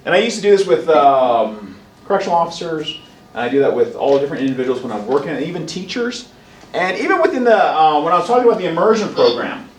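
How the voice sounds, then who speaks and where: A man lecturing a college class in a lively, animated way, acting out parents and children in quick asides. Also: on the high side, a little hiss or hum. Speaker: college instructor. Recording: roomy classroom heard from a distance.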